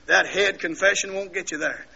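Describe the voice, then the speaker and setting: An older male preacher tells his testimony in a high, bright, ringing voice, telling the story in turns and rising into fervent shouts. The sermon comes through on a dull, lo-fi recording of a church service. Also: fairly even intonation, normal speed, vocal fry, slight background noise.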